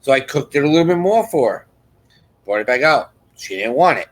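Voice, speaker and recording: On poor audio, a man with a medium-pitched, expressive voice talks fairly quickly as he hosts a live chat. His rambling story loops and restarts, and he voices other people's lines as quotes.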